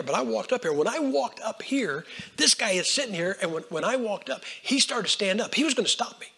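Animated folksy older preacher man. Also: high voice. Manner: folksy, animated, shifts between hushed and loud. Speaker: Baptist preacher. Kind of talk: lively storytelling sermon.

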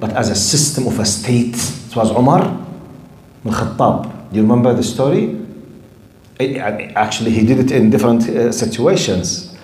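A man's voice: mid-range voice, normal speed, darkish tone, echoey room, rough recording. A male lecturer teaching Islamic history to a live class, often asking the audience questions and using Arabic terms. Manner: keeps quizzing the audience, drops in Arabic terms. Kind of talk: recorded lesson to a live class.

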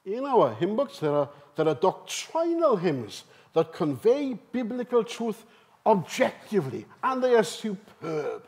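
Animated, high-voiced seminar speaker, unhurried. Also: male voice. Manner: lively, emphatic, asks the audience questions. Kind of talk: conference seminar talk. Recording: live talk in a hall.

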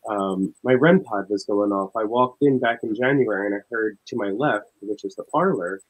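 A man's voice: fairly low pitch, normal speed, low-quality recording. A young man, a paranormal investigator, talking casually in a guest interview. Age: young adult. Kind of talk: casual chat.

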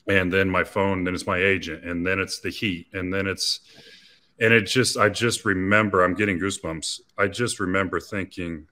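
A man in his thirties speaks as an interview guest, earnest and confessional, often restarting his sentences. His voice sits low but rings bright and forceful. He tells a personal story candidly. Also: fairly even intonation, normal speed.

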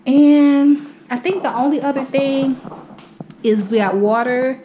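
A woman's voice: high-pitched, steady tone, slow pace, lo-fi sound, background noise. A young woman showing her grocery haul at home, chatty and calling her viewers y'all, a little out of breath. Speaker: vlogger. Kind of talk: casual grocery haul walkthrough. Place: home, indoors.

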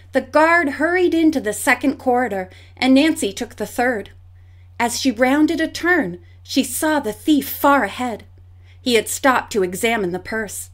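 A woman narrating a mystery audiobook in a clear, measured storytelling voice. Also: sits high, expressive.

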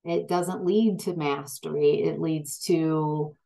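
A woman's voice: deep voice, steady tone, slow pace, vocal fry, mellow, low-quality recording. A woman giving a tarot reading, hesitant and full of fillers and restarts, growing emphatic at times. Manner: gets emphatic when frustrated. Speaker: tarot reader.

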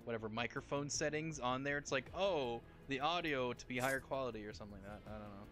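A man's voice: mid-range voice, fast, fairly bright tone, faint music behind. A man from Ontario, streaming a game and chatting casually, rambling with many fillers and restarts. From Canada, Ontario. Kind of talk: casual gaming chat.

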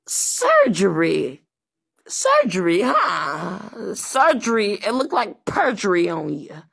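A woman roasting people in crude, taunting improv, breaking now and then into loud shouts. She drags her words out very slowly. Her voice has a heavy gravelly fry. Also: medium pitch, huge pitch swings, dry recording. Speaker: comedic host.

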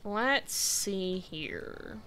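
A woman's voice: medium pitch, lively intonation, very slow, bright, forceful tone, slight background noise. A woman streaming a city-building game, thinking aloud in a chatty, self-correcting way as she plans roads and buildings. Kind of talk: casual gameplay commentary. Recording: game music underneath.

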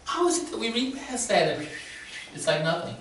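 A man's voice: high-pitched, animated, moderate pace, fairly bright tone. A male pastor preaching a sermon in a conversational way with a sore throat, often checking in with the congregation. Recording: very echoey room, distant mic.

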